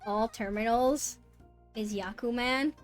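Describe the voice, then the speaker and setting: A woman streaming a game, chatting casually, swearing often and jumping from low mutters to squealing disbelief. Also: slow pace. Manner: swings from mumbled muttering to high yelps of disbelief, swears often. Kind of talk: casual live-stream chat while gaming. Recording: faint music behind. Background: faint background music.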